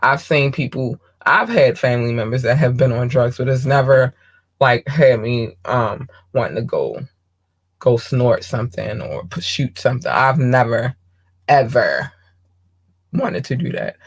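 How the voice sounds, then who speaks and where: A woman hosting a podcast, talking bluntly and candidly in a casual monologue, swearing freely and often pausing with ums. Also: extremely low pitch, animated, slightly rough. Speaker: podcast host.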